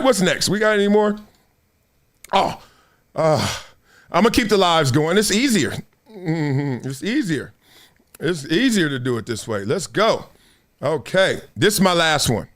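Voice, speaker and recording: A man's voice: mid-range voice, a bit bright. A man hosting a casual commentary stream in a joking, slangy, teasing way. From Southern California. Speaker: show host.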